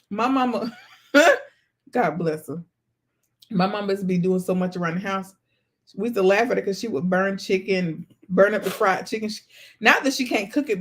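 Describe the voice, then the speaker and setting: A woman, hosting a casual chat and telling family stories in a lively way, now and then breaking into song. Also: mid-range voice. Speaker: vlog host.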